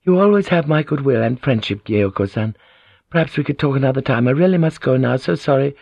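A man's voice: mid-range voice, expressive, fairly quick, vocal fry, no echo, lo-fi sound, pitched above the performer's own voice. A male audiobook narrator voicing a poised young noblewoman who speaks politely and carefully.

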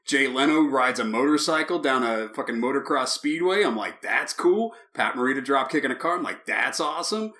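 A man's voice: mid-range voice, lively intonation, fairly quick, few pauses, pushed and bright. A man co-hosting a casual movie podcast, swearing freely and joking with laughs. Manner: profane, joking, laughs often. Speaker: podcast co-host.

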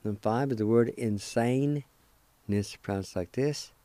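A man hosting a radio language lesson, spelling out letters one at a time and repeating each word slowly and deliberately. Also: medium pitch, dark tone, dry recording. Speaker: radio language teacher and host.

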